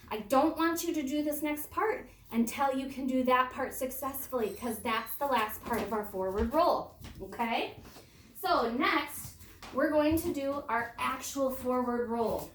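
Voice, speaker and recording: A woman's voice: high-pitched, fairly bright tone, slight background noise. A young woman coaching a beginner kids' gymnastics class, talking patiently and checking in with "okay?" after each step. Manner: patient, ends phrases with "okay?". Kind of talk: instructional demonstration for kids. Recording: echoey gym from far off.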